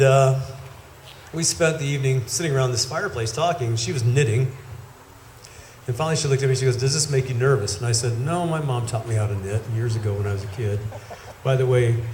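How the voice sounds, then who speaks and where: Correcting himself along the way, a head-cold-stricken middle-aged man tells meandering stories in a eulogy at an outdoor gathering. His medium-pitched voice is brisk and a little mellow. The echoey recording has faint ambience plus a little hiss or hum.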